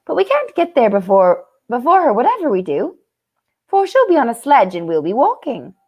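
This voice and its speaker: A fussy, practical mother beaver who bustles and bosses everyone kindly, put on by a woman reading a storybook aloud. Her lilt wanders between Irish and English, and her pitch swings lively through each line. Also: breathy edge, highs cut off, exaggerated voice. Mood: bustling. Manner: brisk, bossy, soothing.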